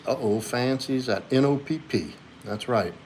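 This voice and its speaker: A man's voice: measured pace, darkish tone, a little hiss or hum. A man, hosting a casual live stream and answering viewers' questions as he reads chat. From Louisiana. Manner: answers chat questions, talks to his dog in a high sweet voice. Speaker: livestream host and coach.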